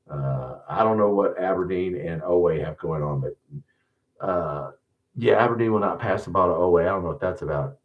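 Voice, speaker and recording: Blunt low-voiced man ranting, distant lo-fi mic. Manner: blunt, profane ranting with frequent restarts. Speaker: sports show host. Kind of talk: casual live-stream commentary.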